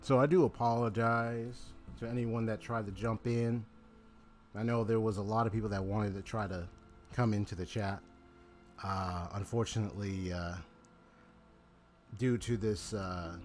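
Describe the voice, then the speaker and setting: A man's voice: lowish voice, fairly even intonation, moderate pace, pauses often, soft background music. A man chatting casually to his live-stream viewers, rambling with lots of fillers and restarts, on a desk microphone at his home gaming setup.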